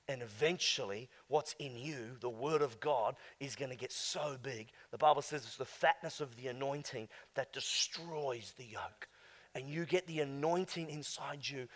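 A male pastor preaching emphatically, swinging between hushed asides and loud exclamations. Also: medium pitch, moderate pace. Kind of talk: sermon. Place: church. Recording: long church hall reverb.

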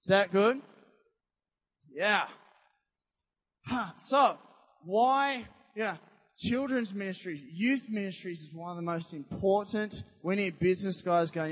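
A man preaching a sermon to a church congregation, animated and conversational, often asking the crowd questions. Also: high voice, unhurried, pauses often. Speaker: pastor. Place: church hall. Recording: long church-hall reverb.

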